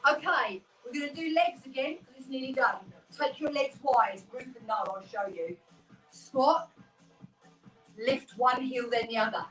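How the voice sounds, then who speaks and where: Fitness instructor lady, a bit high voice, cheery cues and counting, echoey room, faint music in back. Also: a little slow, a bit bright, far from the mic. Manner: encouraging, upbeat coaching with counting and cues. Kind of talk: live workout class instruction.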